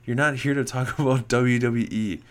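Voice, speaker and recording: A man's voice: medium pitch, fairly even intonation, normal speed, clear, resonant tone. Teasing male podcast host. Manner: teasing, laughing at his co-host. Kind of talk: casual podcast chat.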